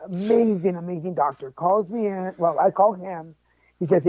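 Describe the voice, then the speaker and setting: A man telling a personal story as a podcast guest, animated and joking along the way. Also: high-pitched, normal speed, no echo. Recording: tinny phone-like line, dry.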